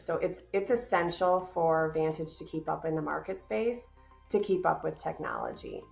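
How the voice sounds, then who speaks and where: A woman with a low voice and a gravelly edge, answering interview questions about her company. She speaks in an earnest, upbeat way with plenty of fillers. Faint music sits underneath. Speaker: company business development director, guest.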